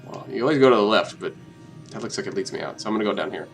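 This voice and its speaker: A man giving casual, jokey commentary while playing a game, often gushing in a high voice. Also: very fast, faint music behind, rough recording. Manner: excitable and jokey, jumps to high-pitched gushing. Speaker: let's play host.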